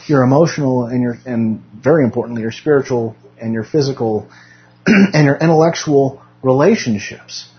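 A man's voice: a little high, slight background noise. A young man speaks at the front of a church classroom. His talk is chatty and self-mocking, and he often restarts his sentences. The recording sounds slightly dull. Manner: conversational, self-deprecating, with frequent restarts. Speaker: Sunday school teacher. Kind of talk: casual church teaching.

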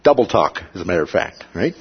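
A man with a husky, slightly rough voice teaches a Bible study in a plain, measured manner and pauses often to check that his listeners follow. The recording sounds dull and lo-fi. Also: sits low, big pitch swings.

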